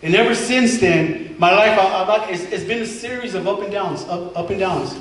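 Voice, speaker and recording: Recorded at a distance in a big church hall full of echo and faint hiss, this former member in his forties delivers heartfelt testimony, repeating lines and performing the dialogue he quotes. He speaks at a normal pace in a high-pitched, fairly bright voice.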